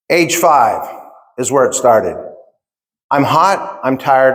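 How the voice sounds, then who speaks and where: A man's voice: mid-range voice, sing-song, slow, pauses often, a bit bright. A man in his fifties, giving a keynote at a conference and telling his own story in an emphatic way, repeating key phrases. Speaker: keynote speaker. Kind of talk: motivational storytelling speech. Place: large conference hall. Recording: long reverb of a large hall.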